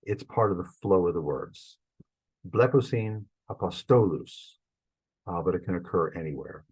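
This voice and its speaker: A man teaching a Greek grammar class, explaining the rules step by step in a relaxed, informal way with frequent fillers and restarts. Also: sits low, brisk, breathy edge, rough recording.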